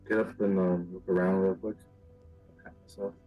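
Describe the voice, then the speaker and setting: A man playing a tabletop game, speaking in a casual, halting way. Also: low-pitched, level tone, lo-fi sound, soft background music. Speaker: player.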